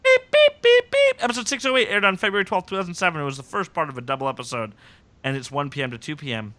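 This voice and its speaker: His voice is a little high and racing as he hosts a podcast and casually recaps a TV episode. Animated throughout, the man acts out the characters' lines in put-on voices.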